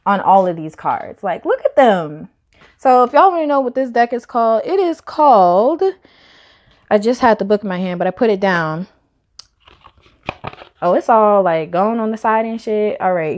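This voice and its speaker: A woman's voice: a little high, a little mellow. A woman giving a casual tarot reading to camera, chatty and emphatic, talking straight to her viewers and swearing now and then. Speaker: tarot reader.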